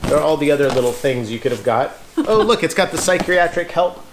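Lively man unboxing dog toys. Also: a little high, brisk, background noise. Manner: chatty, laughs often, coos at the dogs. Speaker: co-host of an unboxing channel. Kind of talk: casual unboxing chat. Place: home with dogs.

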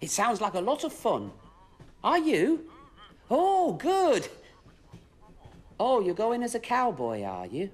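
With long pauses and a slow pace, this engine driver talks to viewers in a high, heavily acted voice full of huge pitch swings. It's a man performing a cheerful, fussy character on children's TV, chatty and exaggerated throughout.

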